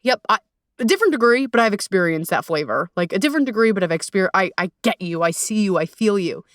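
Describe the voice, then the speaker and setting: Animated, swearing woman podcaster on a dry mic. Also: mid-range voice, fast talker, no echo. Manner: animated, profane, self-mocking storytelling with lively quoted asides. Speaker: podcast host and dating coach. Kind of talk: casual solo podcast monologue.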